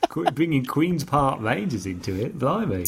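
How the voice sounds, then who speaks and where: An English man in casual chat, reviewing a TV episode with a co-host, chatty and quick to laugh, often stumbling over his restarts. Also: medium pitch, animated, slight background noise. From Britain. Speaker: podcast co-host.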